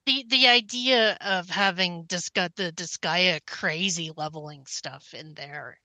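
A woman's voice: lowish voice, a little slow, sharp tone, no echo. Matter-of-fact woman reading game release dates. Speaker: podcast co-host. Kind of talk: casual gaming news chat.

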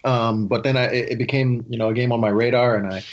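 A man on a podcast panel, chatting in a relaxed, easygoing way. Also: mid-range voice, quick pace. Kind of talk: casual chat. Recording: muffled online call audio.

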